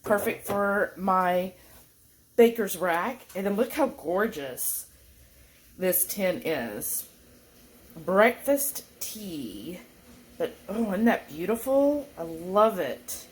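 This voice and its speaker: A woman's voice: lowish voice, animated, slow. A woman, chatting casually to her viewers in a food vlog at home. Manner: chatty, folksy, warmly addresses viewers as y'all. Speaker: keto food vlogger.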